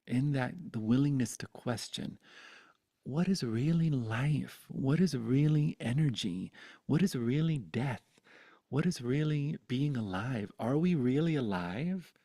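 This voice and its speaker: A man in his thirties with a mid-range voice tells his life story at an unhurried pace. His feeling is candid and animated; he swears freely and often restarts his sentences.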